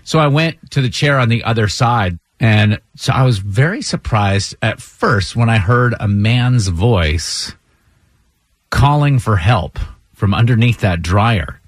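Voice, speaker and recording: A man's voice: fairly low pitch, unhurried, dry recording. A man hosting a morning radio show in a studio, telling stories in casual banter and acting out the voices of people he quotes. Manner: animated storyteller, acts out quoted voices.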